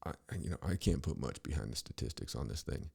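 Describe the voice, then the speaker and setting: A man's voice: extremely low pitch, lively intonation, quick pace, gravelly, darkish tone, husky. A middle-aged man hosting a podcast, ranting in a rambling, profane, sarcastic monologue full of restarts. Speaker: podcast host.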